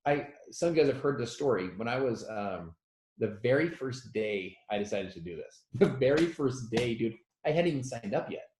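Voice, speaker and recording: A man in his thirties speaks at a middle pitch, talking as a motivational speaker. He tells a personal story in an animated, self-deprecating way and acts out the quotes loudly. The room around him is echoey. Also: moderate pace, noisy background. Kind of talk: storytelling talk.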